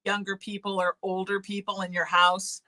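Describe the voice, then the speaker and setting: Her medium-pitched voice stays level and moves at a normal speed. She's an Irish-heritage psychic medium running a call-in show, soothing people on the line and addressing them as sweetie.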